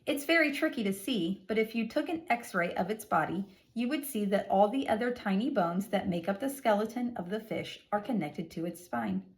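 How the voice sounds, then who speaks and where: A woman teacher reading a lesson aloud to young children, with an expressive, sing-song delivery and exaggerated emphasis. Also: medium pitch, normal speed, hardly any pauses.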